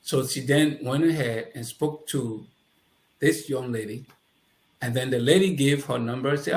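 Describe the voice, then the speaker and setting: A man's voice: medium pitch, moderate pace. A man with a Liberian accent, a guest telling his life story in conversation and acting out the dialogue he recalls. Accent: Liberian English. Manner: animated, acts out quoted dialogue. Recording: roomy echoey room.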